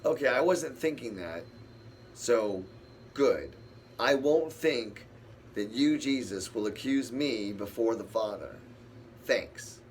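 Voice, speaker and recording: A man's voice: mid-range voice, lively intonation, slow, slight background noise. A man leading a casual Bible study, rambling, thinking aloud and answering the verses he reads. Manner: rambling, thinks aloud and talks back to scripture.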